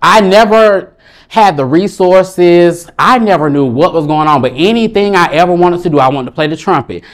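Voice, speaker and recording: A young Southern man speaks in a fairly high voice while giving a personal storytelling speech. His delivery is animated and playful, with sudden high excited bursts between calmer stretches. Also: moderate pace. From Alabama, US. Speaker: motivational speaker.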